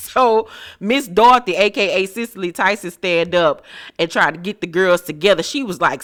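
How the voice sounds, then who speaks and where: A woman's voice: on the low side, expressive, moderate pace, a bit bright. A woman hosting a casual recap of a reality show, chatty, sassy and blunt.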